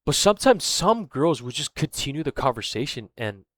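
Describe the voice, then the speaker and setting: A man's voice: mid-range voice, sing-song, normal speed, fairly bright tone, no room sound, studio quality. A man telling a story in a casual, rambling monologue, swearing often and losing his thread, with fillers like "right?" and "man". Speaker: vlogger.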